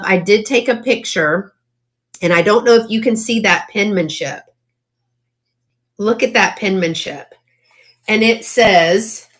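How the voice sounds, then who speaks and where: Slow-talking woman selling live. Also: medium pitch, fairly bright tone. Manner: chatty, exclaiming over items and reading old handwriting aloud haltingly. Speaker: online live-sale seller. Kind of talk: casual live-sale chat.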